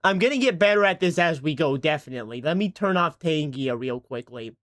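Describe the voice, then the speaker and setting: A man's voice: a little high, lively intonation, fairly quick, a bit bright. A man livestreaming in casual chat, talking to his viewers in a self-mocking way from his home setup into a desk microphone. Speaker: streamer.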